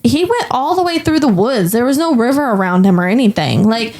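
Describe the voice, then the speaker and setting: A woman's voice: on the high side, animated, a little fast, darkish tone. A woman co-hosting a podcast who chats freely about a film. She leans on "like" a lot and keeps picking apart parts of the story that make no sense to her. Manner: chatty, full of "like", picks apart plot holes. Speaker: podcast co-host. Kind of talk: casual movie discussion.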